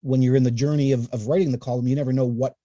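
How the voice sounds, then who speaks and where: Warm-toned chatty man telling radio stories. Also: medium pitch, rapid-fire, no echo. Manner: animated anecdotes, acts out quoted voices. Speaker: guest, newspaper columnist and radio voice. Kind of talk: casual interview storytelling.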